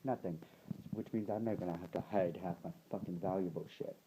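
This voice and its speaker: A man's voice: deep voice, fairly even intonation, brisk, noisy background. A young man with a put-on American accent, talking casually in a rambling, sweary way full of ums and likes. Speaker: vlogger.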